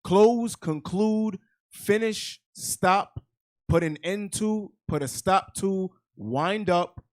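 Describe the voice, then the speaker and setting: Man slowly reading scripture aloud. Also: high-pitched. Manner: reads slowly, word by word. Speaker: scripture reader in a class.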